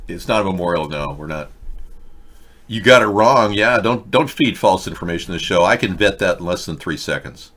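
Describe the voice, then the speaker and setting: A man's voice: low voice, normal speed, fairly bright tone. A man hosting a political talk show, talking in a mocking, sarcastic way and jumping between bits and rants. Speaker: host.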